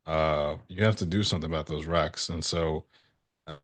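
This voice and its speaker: A man's voice: extremely low pitch, steady tone. A man in his thirties hosting a podcast, talking casually and reflectively as he works his thoughts out. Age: 30s. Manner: reflective, talks things through slowly. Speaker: podcast host. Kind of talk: casual conversation.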